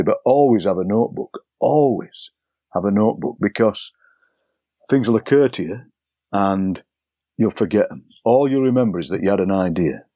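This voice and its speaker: An older man, a poet, telling anecdotes in a relaxed interview and acting out overheard phrases. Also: lowish voice, no room sound, muffled recording. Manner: chatty, anecdotal, acts out overheard lines. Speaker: poet and broadcaster, interview guest. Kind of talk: relaxed storytelling conversation.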